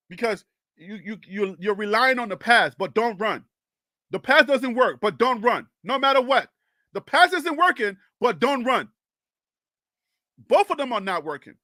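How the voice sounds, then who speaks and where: A young man from Liberia hosts a casual sports talk stream, his voice high and sharp with a dry, close sound. He argues his case with animated energy, laughing often as he challenges listeners to debate him. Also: no echo. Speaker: sports talk show host.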